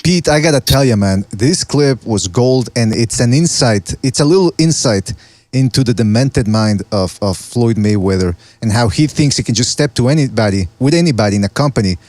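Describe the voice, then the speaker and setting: A man's voice: medium pitch, expressive, moderate pace, a little mellow, dry recording. Male podcast host, mocking and profane, dry sound. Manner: profane, mocking, repeats himself. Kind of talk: casual chat.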